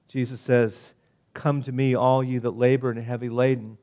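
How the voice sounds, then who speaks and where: A man preaching a sermon, swinging between loud emphatic declarations and hushed, gentle appeals. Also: medium pitch, little pitch movement, normal speed.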